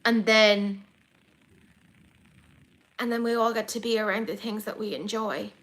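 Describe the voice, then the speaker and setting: An Irish woman hosting a casual beauty livestream, chatty and excitable, gasping and swearing as she reads comments. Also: mid-range voice, a little slow. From Ireland. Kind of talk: casual chat reading live comments.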